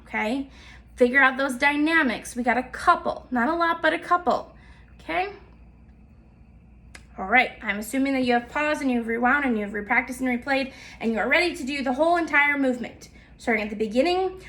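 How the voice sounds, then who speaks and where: Bright high-voiced woman teaching music. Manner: patient, counts and names notes aloud. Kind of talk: step-by-step instrument lesson.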